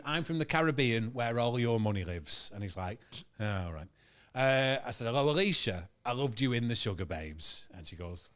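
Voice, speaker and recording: A man, a comedian guest, telling a comic story in an animated, sweary way and laughing through it. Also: mid-range voice, moderate pace, smooth.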